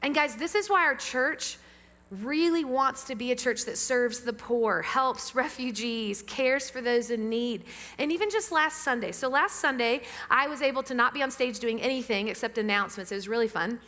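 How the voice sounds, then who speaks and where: Woman pastor, sermon, lively, asks the congregation questions, crisp bright voice, church hall reverb. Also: on the high side, moderate pace. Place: church sanctuary with amplified sound.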